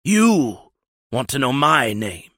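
A man's voice: mid-range voice, sing-song, slow pace, sharp tone, dry recording, studio quality, pitched above the performer's own voice, exaggerated voice. A man reading an audiobook voices a demon speaking through a possessed young man, screaming and contemptuous. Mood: screaming rage.

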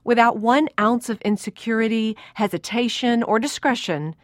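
A woman in her thirties, narrating her own memoir in a reflective, measured way. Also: a little high, no room sound, studio quality. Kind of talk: reading a personal memoir aloud.

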